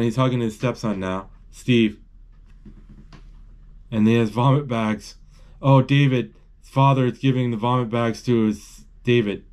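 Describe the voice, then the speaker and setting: A man's voice: mid-range voice, darkish tone. Man, mid-range voice, casual live movie retelling, stop-start and self-correcting. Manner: halting, self-correcting, thinking aloud. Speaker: channel host describing a movie. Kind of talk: live play-by-play retelling of a film.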